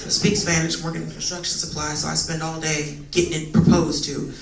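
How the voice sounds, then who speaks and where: A woman comedian doing a stand-up set on a club stage, brash and profane, bursting into loud acted outbursts, with audience laughter behind her. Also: sits low, level tone, brisk, gravelly. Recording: roomy live club sound, mic heard from a distance, background noise.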